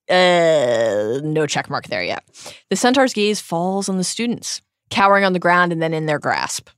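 A woman with a fairly low, fairly bright voice hosts a book discussion podcast, recorded cleanly in a studio with no echo. She retells chapters and reads quotes aloud, adding wry asides.

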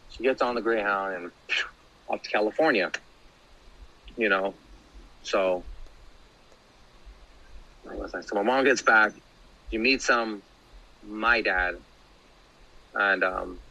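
A bright, forceful man in his thirties tells a long personal story in a loose, rambling way. He swears freely, fills gaps with "you know," and restarts his sentences. When he quotes other people, his pitch leaps upward. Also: a little slow, long pauses, rough recording. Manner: rambling, profane, many fillers and restarts; acts out quoted voices with big pitch jumps.

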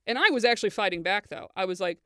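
A woman's voice: mid-range voice, fast talker, a bit bright, no room sound, studio quality. A woman hosting a podcast, telling stories in a casual chat and swearing freely. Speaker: podcast host.

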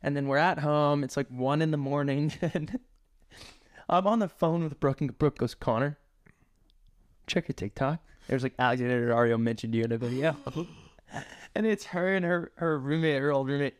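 A young man chatting on a podcast, telling animated stories and acting out what people said, laughing along. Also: a little high, moderate pace, clean tone. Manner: animated, laughing, acts out quotes. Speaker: podcast guest. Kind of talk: casual chat, storytelling.

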